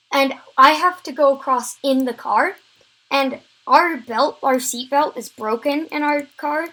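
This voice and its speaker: High-pitched girl telling a story slowly, lots of ums and restarts. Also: bright, forceful tone, rough recording. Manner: rambling storytelling, filler-heavy, frequent restarts. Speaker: vlogger. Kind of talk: story time vlog.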